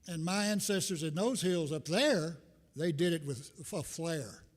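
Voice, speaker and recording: Long reverb carries the voice of an older visiting minister through the sanctuary as he delivers a folksy, meandering informal sermon laced with self-deprecating humor. He speaks at a measured pace, his voice sitting a little high for a man.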